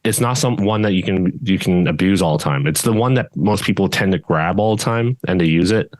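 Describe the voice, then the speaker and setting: Low-voiced male judo coach, casual podcast co-host, even unchanging tone, rambling delivery, dry close sound. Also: brisk, no room sound. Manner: steady tone that does not rise even when louder; rambling, with many restarts and fillers.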